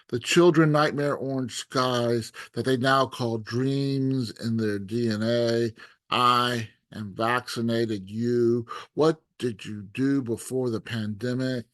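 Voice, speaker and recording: Man reading poetry slowly, close and dry. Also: mid-range voice, no room sound. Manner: halting, apologetic intro then measured reading. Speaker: poet at open mic.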